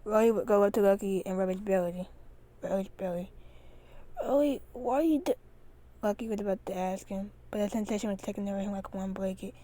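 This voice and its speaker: A woman reading a fan-written animal story aloud in a soft, unhurried way. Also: medium pitch, flat delivery.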